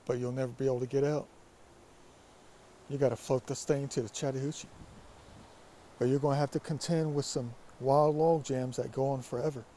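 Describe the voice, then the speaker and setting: A man with a raspy, allergy-stuffed voice, musing and rambling in a casual vlog by a creek. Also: medium pitch, fairly even intonation, fairly quick, pauses often, warm tone, a little hiss or hum. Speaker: vlogger. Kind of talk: casual walking vlog monologue. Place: outdoors by a creek.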